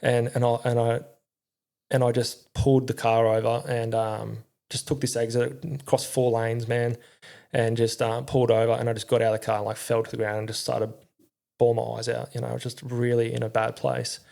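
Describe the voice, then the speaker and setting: A man's voice: mid-range voice, little pitch movement, moderate pace, creaky, dark tone. A middle-aged Australian man telling his story in a candid, rambling way, swearing often and using slang. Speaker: podcast guest, former army crew commander.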